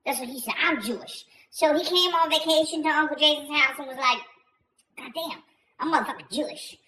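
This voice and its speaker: Man voicing an old grandma, foul-mouthed, rambling, high voice, bright and sharp. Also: a little fast, a little hiss or hum, low-quality recording. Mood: rowdy, profane. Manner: profane, rambling, self-interrupting. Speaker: YouTuber. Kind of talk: comic storytelling vlog.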